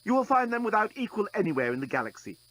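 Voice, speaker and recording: A fussy, servile robot desk clerk, as a man reads him out, speaks in a high, strangled, simulated voice. He is prim and officious, with a slightly husky tone. This is a storybook reading. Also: sing-song, fast, fairly bright tone, exaggerated voice, rough recording. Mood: fawning. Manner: prim, officious, squeals when handled. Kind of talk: audiobook character voice.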